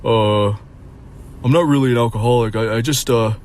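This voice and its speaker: A man's voice: medium pitch, fairly even intonation, normal speed, darkish tone, natural voice. A man putting on the voice of an older man at a recovery meeting, mumbling and hesitant as he makes excuses. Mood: excuse-making.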